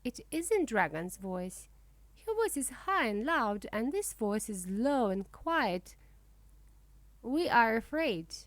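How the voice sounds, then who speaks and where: A woman reading a children's storybook aloud in a slow, clear way for young English learners. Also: fairly high pitch, sing-song, no echo. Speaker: narrator. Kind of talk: children's book read-aloud.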